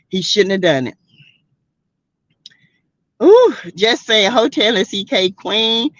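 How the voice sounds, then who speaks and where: A woman's voice: medium pitch, fairly bright tone, no room sound, highs cut off. A woman from South Carolina hosting a livestream, giving sassy, outspoken, slangy commentary on a reality show to her live chat and laughing often. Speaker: livestream host.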